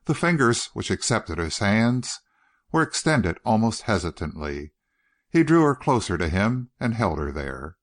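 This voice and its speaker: A man narrating an audiobook in a measured, expressive manner. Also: fairly low pitch. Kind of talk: scripted narration.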